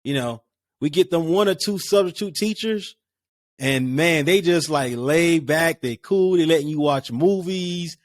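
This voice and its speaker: A man's voice: a little high, measured pace, no room sound, clean studio sound. A man hosting a casual solo sports podcast, rambling with lots of fillers and restarts. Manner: rambling, conversational, many fillers.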